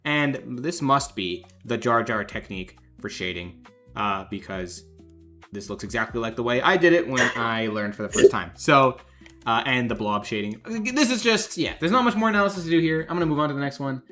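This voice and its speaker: A man's voice: medium pitch, expressive, fairly quick, fairly bright tone, soft background music. A man casually commenting on fan art during a livestream, joking, laughing and reading donation messages aloud. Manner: chatty, jokey, reads donations aloud, laughs often. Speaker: game developer streamer judging fan art.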